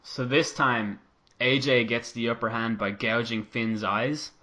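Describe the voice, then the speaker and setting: Speaking at a measured pace and medium pitch, a podcast co-host animatedly recounts a fictional wrestling storyline during casual chat, voicing the quotes as he goes.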